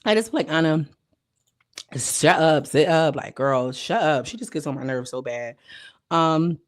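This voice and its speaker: Young woman, slightly hoarse, slangy, animated, casual recap vlog. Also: low-pitched, a little slow. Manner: chatty, slangy, animated retelling. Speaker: reality TV recap vlogger.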